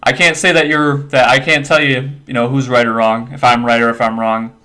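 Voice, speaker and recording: A man's voice: medium pitch, level tone, brisk, bright, forceful tone. A man talking into his webcam in a rambling, profane monologue, giving himself and his viewers an emphatic pep talk and repeating himself often. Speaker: webcam video maker.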